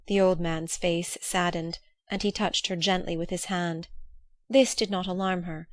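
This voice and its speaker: A woman narrating a classic novel in a measured, steady audiobook reading. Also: on the low side, dry recording. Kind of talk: scripted narration.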